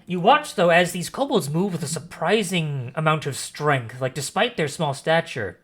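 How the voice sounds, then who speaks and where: Husky-voiced man narrating as game master. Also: a little high, normal speed, soft background music. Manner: expressive narration with frequent self-corrections and fillers.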